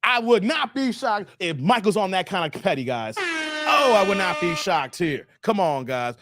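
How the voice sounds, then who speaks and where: A man's voice: high voice, expressive, moderate pace, over loud music. A man hosting an opinionated live-stream commentary. He is blunt and preachy and hammers the same points again and again. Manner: blunt, preachy, repeats himself. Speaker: YouTube commentary host.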